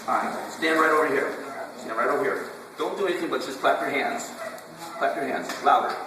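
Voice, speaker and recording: A man's voice: medium pitch, fairly quick. A man teaching a puppy training class, quizzing the handlers and repeating short commands in a drill-like way. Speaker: dog trainer. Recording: echoey hall, distant camera, room noise.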